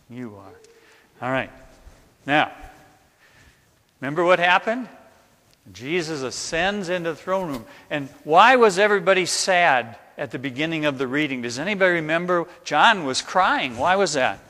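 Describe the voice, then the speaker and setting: A pastor leads an interactive chapel talk. He speaks in a slightly high, unhurried voice and animatedly coaxes the listeners to join in. The sound rings with the long reverb of a large chapel. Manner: animated, coaxing, directs listeners to act out the story.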